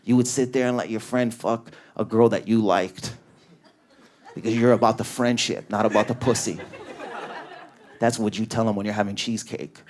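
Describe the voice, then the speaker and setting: A man's voice: steady tone, darkish tone, slight background noise. A man doing a stand-up comedy set in a club, riffing on an audience member with raging, neurotic energy and lots of swearing, on a stage mic. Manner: high energy, profane, neurotic, rapid riffs. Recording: live club audience laughter.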